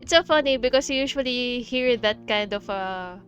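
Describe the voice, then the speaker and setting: A woman's voice: fairly high pitch, moderate pace, a bit bright, lo-fi sound, faint music behind. A woman streamer chatting casually over gameplay, gushing, with many fillers and giggles.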